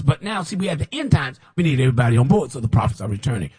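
A man preaching as a prophet in an impassioned sermon, repeating himself and rising to shouts when mocking others. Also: mid-range voice, very animated, racing, breathy edge. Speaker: self-styled prophet preacher.

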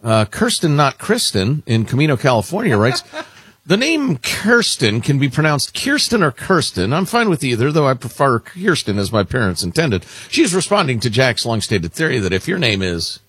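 A man's voice: mid-range voice, big pitch swings, normal speed, fairly bright tone, husky, no echo. A man co-hosting a talk radio show, chatting casually and wryly reading listener emails aloud. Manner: wry, conversational, reads emails aloud with emphasis. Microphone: studio microphone.

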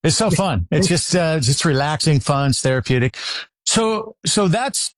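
A man's voice: on the high side, expressive, normal speed, no echo, studio quality. A man hosting an interview with a guest, chatty and encouraging in a casual back-and-forth. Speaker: chiropractor host interviewing a guest.

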